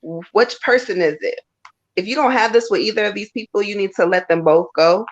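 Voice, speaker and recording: A woman's voice: mid-range voice, a little fast. Woman reading tarot on a live stream, talks emphatic and repeats herself, kinda muffled audio. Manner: emphatic, repeats key lines. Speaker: tarot reader and co-host.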